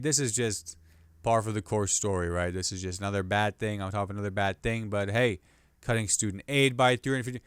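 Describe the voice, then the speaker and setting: A man hosting a comedy podcast, riffing on the news in a rambling, animated way and restarting jokes mid-sentence. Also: fairly low pitch, smooth, no room sound, clean studio sound.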